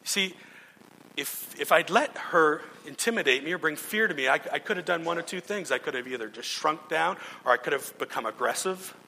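Bright-voiced preacher in a reverberant hall. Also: male voice, a little high, lively intonation, brisk, creaky, a little hiss or hum. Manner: earnest storytelling with repeated restarts. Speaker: pastor. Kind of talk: sermon.

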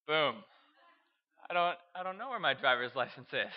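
A young man from Canada, telling a personal story in a halting way, repeating words and chuckling. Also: on the high side, animated, muffled recording. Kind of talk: storytelling speech.

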